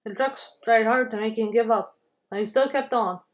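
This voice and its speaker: Woman reading a storybook aloud, halting. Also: fairly high pitch, muffled recording. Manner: halting reading with restarts and throat clearing.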